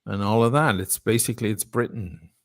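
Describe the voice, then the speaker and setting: Lower-voiced Irish man chatting. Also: brisk. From Ireland. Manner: animated storytelling, swears and laughs. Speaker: guest. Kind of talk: casual chat.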